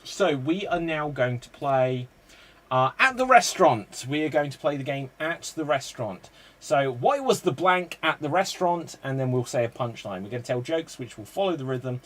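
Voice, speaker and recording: Male emcee for a streamed improv show, brisk and joking, a bit high-pitched. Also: expressive, a bit bright. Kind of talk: live streamed improv hosting.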